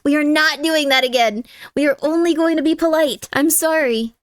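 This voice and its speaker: High-voiced woman streamer chatting to chat. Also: normal speed, no echo, clean studio sound. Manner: chatty, reads chat aloud, coos softly to her cat. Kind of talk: casual live-stream chat. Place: home room.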